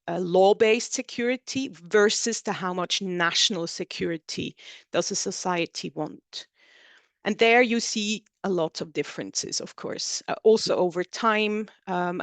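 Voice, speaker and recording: A woman's voice: on the low side, no room sound. A woman whose first language is German, presenting her book in an online seminar talk and explaining her points in lists. She speaks over a video call.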